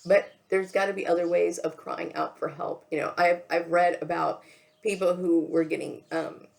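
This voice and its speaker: A woman talking straight to camera in a halting, emotional monologue, repeating herself, stopping to say okay, and fighting back tears. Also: fairly low pitch, steady tone, creaky. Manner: halting, repeats words, often says okay. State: tearful, emotional. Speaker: vlogger.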